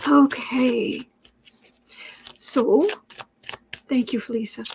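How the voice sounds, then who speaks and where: A woman in her forties from West Virginia hosts a tarot and astrology livestream. Her voice sits a little high. She talks in a chatty, loose way, thanks viewers by name and often starts a sentence over. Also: steady tone, takes it slowly, pauses often, slight background noise. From West Virginia, USA. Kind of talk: casual livestream chat.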